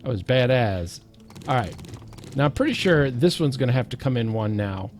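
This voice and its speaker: A man's voice: mid-range voice, lively intonation, moderate pace, soft background music. A man giving casual, playful gameplay commentary, chanting counts and joking at his own expense. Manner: self-mocking, goofy asides.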